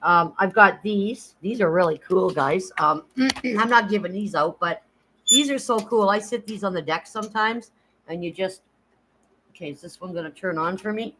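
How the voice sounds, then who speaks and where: A woman's voice: mid-range voice, moderate pace, sharp tone, slight background noise, low-quality recording. A middle-aged woman chatting casually on a live stream from her home, showing her pantry and thanking viewers, easily moved. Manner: chatty and emotional, thanking viewers, near tears. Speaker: livestreamer.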